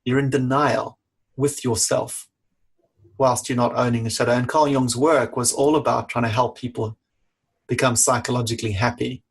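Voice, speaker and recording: A man's voice: medium pitch, fairly even intonation, moderate pace, vocal fry, breathy edge. A middle-aged man, a leadership coach, talking bluntly and emphatically in an interview, swearing casually. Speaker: leadership coach and author, podcast guest.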